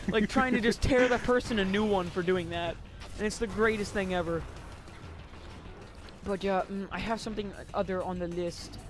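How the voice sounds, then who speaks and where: A teenage boy tells a school story in loose, rambling chat. His voice sits high, and he giggles and curses casually as he goes. A faint hiss runs under the recording. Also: normal speed. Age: teens.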